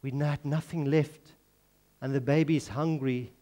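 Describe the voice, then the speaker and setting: A man with a South African accent voicing a desperate, tearful young mother in a sermon story, speaking softly. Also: a little high, steady tone, moderate pace, voice pushed down, lightly acted.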